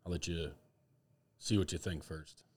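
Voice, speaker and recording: A man's voice: low-pitched, fairly even intonation, unhurried, husky. A man co-hosting a casual whiskey tasting, easygoing and thinking aloud as he talks. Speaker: podcast co-host.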